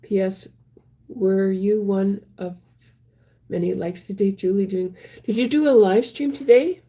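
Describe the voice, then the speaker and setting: A woman casually chatting on a live stream, reading viewer comments aloud in a soft voice that often drops to a whisper. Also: medium pitch, measured pace.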